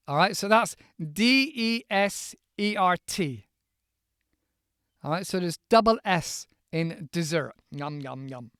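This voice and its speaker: A man's voice: fairly high pitch, a bit bright, no echo, clean studio sound. Playful man spelling out words. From United Kingdom. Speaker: English teacher podcaster. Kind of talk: casual podcast lesson.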